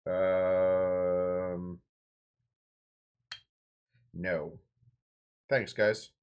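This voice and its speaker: A man's voice: deep voice, little pitch movement, drawn-out words, clear, resonant tone, lo-fi sound. A man hosting a home cocktail show, rambling and joking as he mixes and tastes drinks. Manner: rambling, joking, self-interrupting. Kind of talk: casual rambling cocktail demo.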